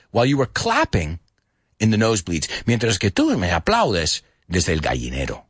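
Animated man teaching English. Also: lowish voice, moderate pace, breathy edge, no room sound, studio quality. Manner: animated, switches between English and Spanish, sings lyric snippets. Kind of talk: bilingual English lesson.

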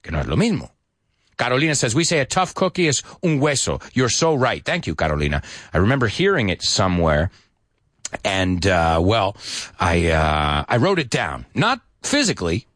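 A man's voice: moderate pace, no echo, clean studio sound. A man teaching English to Spanish speakers, repeating key words and checking in with "right?" after each point. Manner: animated, swings pitch high for quotes and emphasis.

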